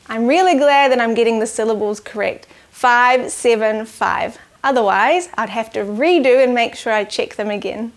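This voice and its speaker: A young woman teaching children in a cheerful manner, going slow and clear when counting syllables. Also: on the high side. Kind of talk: children's lesson.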